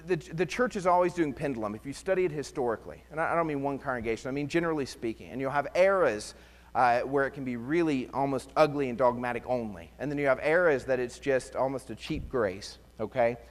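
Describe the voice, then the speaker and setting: A man's voice: medium pitch, fast, in a large hall. A man preaching a conversational sermon, telling stories with humor and animation. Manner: animated, joking storyteller. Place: church.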